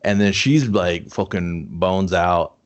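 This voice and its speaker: A man co-hosting a casual movie review podcast, rambling in a relaxed way, swearing often and saying dude a lot. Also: sits low, slow, muffled recording. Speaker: podcast co-host. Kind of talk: casual film review chat.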